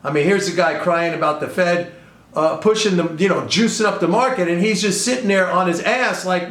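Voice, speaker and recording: Older man, high-pitched, rambling sarcastic commentary, roomy echo. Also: moderate pace, a bit bright. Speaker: podcast host and trader. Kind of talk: casual commentary monologue. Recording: echoey room.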